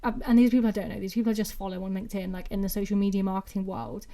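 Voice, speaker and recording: A woman's voice: medium pitch, steady tone, very fast, gravelly, warm tone. A woman in her twenties from England with a mixed Brummie and Mancunian accent, chatting casually and rambling on her own podcast. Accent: English, a mix of Brummie and Mancunian. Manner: rambling and chatty, with constant "like" fillers. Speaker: podcast host. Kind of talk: casual solo podcast chat.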